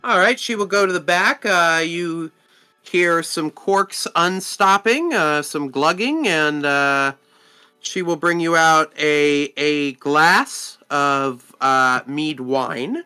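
A man narrating as game master of a tabletop game, slow and halting with many fillers. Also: on the high side, sharp tone, clear, resonant tone, faint music behind.

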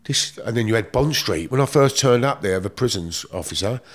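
A middle-aged man with a London accent, appearing as a guest, recounts his past casually in streetwise slang and plenty of swearing. His voice is fairly low, animated and a little fast.

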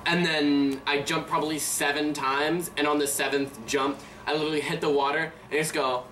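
A teenage boy spinning animated stories in casual talk, swearing freely and talking over others to hold the floor. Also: a little high, normal speed. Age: teens. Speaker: teenager in a group. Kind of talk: casual improvised conversation. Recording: distant mic with steady ambient noise.

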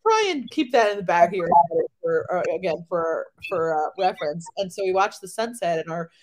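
A woman in her thirties, a podcast guest, telling travel stories in a chatty, animated way with lots of fillers. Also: on the low side, normal speed, low-quality recording. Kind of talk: casual chat.

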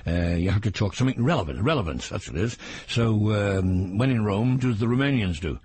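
A man's voice: fairly low pitch, lively intonation, fast talker, darkish tone, slight background noise. An older man from England, a comedian telling jokey stories in an interview and slipping into impressions of regional voices, heard on an old radio broadcast. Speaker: comedian guest. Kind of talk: anecdotal interview chat.

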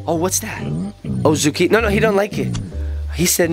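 A middle-aged man hosting a kids' game video, joking excitedly and playfully as he plays alongside his child. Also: high voice, normal speed, vocal fry, pauses often, faint music behind. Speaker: gaming channel host.

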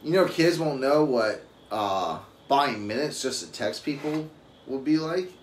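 A man's voice: medium pitch, lively intonation, a little slow. A young adult man and father talking casually on a live stream, telling rambling, profane stories. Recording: roomy echo with faint ambient noise.

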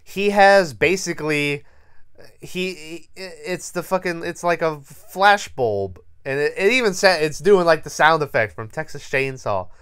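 A man's voice: fairly high pitch, animated, unhurried, fairly bright tone, smooth. A man co-hosting a podcast, recapping a horror movie in a rambling, profane, laughing way. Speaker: podcast co-host.

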